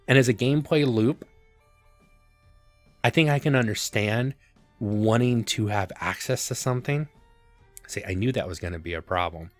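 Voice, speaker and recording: Low-voiced man musing over gameplay. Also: unhurried, no room sound, soft background music. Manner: relaxed, thinking aloud with fillers. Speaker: gameplay commentator. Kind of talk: casual let's-play commentary.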